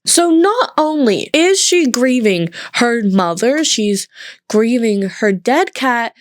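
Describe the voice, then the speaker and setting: A young woman reviewing movies in a comedy vlog, talking in an animated, sarcastic, giggly way from close to the mic. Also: high-pitched, takes it slowly, no echo.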